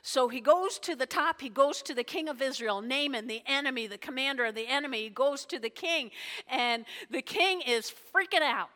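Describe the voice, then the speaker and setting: Bright high-voiced woman pastor. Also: moderate pace, in a large hall. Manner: lively storytelling with asides and check-in questions. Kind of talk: sermon, retelling a Bible story.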